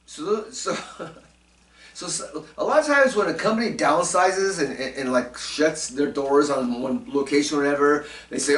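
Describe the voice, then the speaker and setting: The host of a casual talk show meanders through his commentary segments, chuckling to himself between fillers and false starts. His voice is fairly high, a bit bright and unhurried, picked up by a distant mic in an echoey room.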